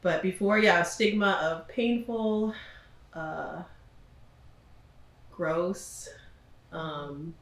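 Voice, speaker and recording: A woman in a casual group conversation, speaking haltingly as she thinks aloud. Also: fairly low pitch, roomy sound.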